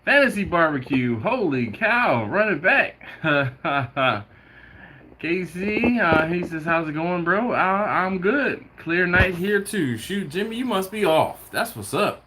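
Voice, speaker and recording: A man's voice: high-pitched, very animated, takes it slowly, sharp tone, a little hiss or hum. A man hosting a casual live stream from home, greeting viewers by name and chuckling as he reads their comments. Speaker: barbecue livestream host.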